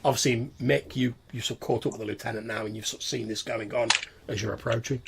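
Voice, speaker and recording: A man's voice: medium pitch, fairly even intonation, quick pace, creaky, heavy background noise. A man narrating a tabletop game as game master in a rambling, casual way.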